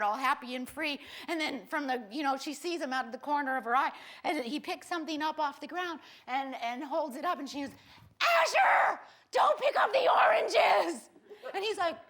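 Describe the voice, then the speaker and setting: A high-pitched middle-aged woman performing stand-up storytelling. She tells family anecdotes in an animated way and slips into the voices of the relatives she quotes. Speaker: stand-up comedian.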